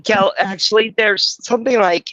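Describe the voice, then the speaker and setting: A man's voice: high-pitched, normal speed, pushed and bright, dry recording, muffled recording. A man from California, hosting a live stream and telling rambling stories in casual banter, swearing freely. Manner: chatty storyteller, swears freely.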